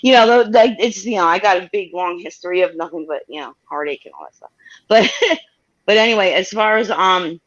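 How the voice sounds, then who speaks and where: A woman's voice: mid-range voice, fairly quick. A woman from New York telling a personal story as a guest over a video call, rambling with many restarts and getting choked up. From New York, USA. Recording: dull lo-fi call audio.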